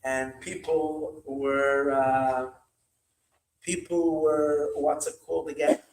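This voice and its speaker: Animated rabbi in an echoey room. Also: male voice, on the high side, takes it slowly, background noise. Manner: animated, bursts of shouting when retelling yelled lines, many restarts. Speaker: rabbi telling a Hasidic story. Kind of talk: storytelling talk at an evening gathering. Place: hall of an evening gathering. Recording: echoey room, mic far off.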